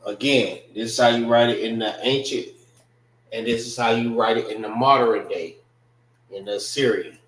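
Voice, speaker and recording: A man teaching an informal language class, slow and repetitive, casual in his talk. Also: medium pitch, fairly even intonation, fairly bright tone, distant mic. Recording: roomy, from off-mic.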